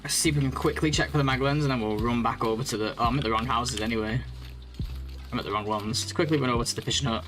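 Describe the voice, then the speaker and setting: Brief: young British male streamer, mid pitch, casual running commentary, game music underneath. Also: very fast. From Britain. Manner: chatty, thinks aloud, answers chat questions. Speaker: gaming streamer. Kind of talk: casual live commentary while playing.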